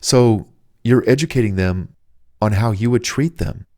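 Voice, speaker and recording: A man's voice: on the low side, measured pace, warm tone, no room sound, studio quality. A man, the author, giving casual, rambling dating advice in a chatty, salesman-like way. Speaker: author reading and riffing on his own book.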